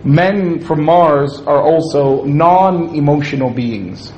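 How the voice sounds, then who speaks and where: A man's voice: on the high side, takes it slowly, a little mellow, dull audio, a little hiss or hum. A man giving a humorous Islamic lecture to an audience, joking and acting out little scenes as he speaks. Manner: joking, playful storytelling with acted-out quotes.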